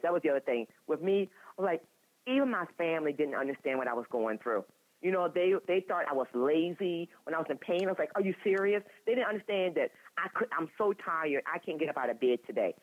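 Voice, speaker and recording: Chatty sixty-year-old woman on a phone line. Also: lowish voice. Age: 60s. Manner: animated, talkative, frequent laughter and restarts. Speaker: interview guest. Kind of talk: candid conversational storytelling. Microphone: telephone.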